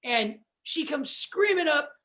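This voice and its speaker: A man guest on a podcast telling a story in a casual, animated way, acting out what people said and using lots of fillers. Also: very high-pitched, slow pace. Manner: animated, acts out quotes, fillers.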